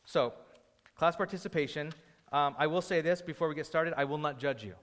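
A man's voice: a little high, a little fast, a bit bright. A man preaching a sermon, conversational and joking with the congregation. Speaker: pastor. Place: church hall. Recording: long hall reverb.

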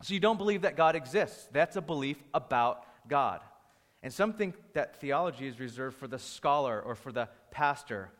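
A man's voice: medium pitch, animated, normal speed, a bit bright, big-room sound. A man teaching a Bible class as a pastor. He talks in a conversational way, with restarts and anecdotes. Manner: conversational, restarts and anecdotes, rising energy when storytelling.

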